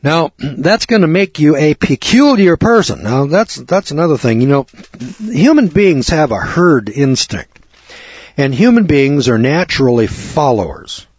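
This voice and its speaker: Blunt folksy preacher man, husky voice. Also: fairly high pitch, big pitch swings, unhurried, a little mellow, no room sound, muffled recording. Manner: blunt, folksy, crude, punchy. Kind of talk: sermon.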